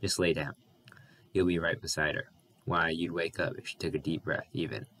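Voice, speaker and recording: A man voicing a stout, kindly neighbour woman who talks in a brisk, friendly, coaxing way. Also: low voice, flat delivery, a bit bright.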